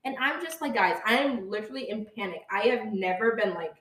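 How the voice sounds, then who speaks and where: A woman's voice: medium pitch, a little fast, fairly bright tone. A young woman co-hosting a podcast, telling a story casually, with lots of "like", and talking straight to her listeners. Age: young adult. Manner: chatty, says "like" a lot, talks to listeners as "guys". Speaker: podcast co-host. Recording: roomy sound from a distant mic.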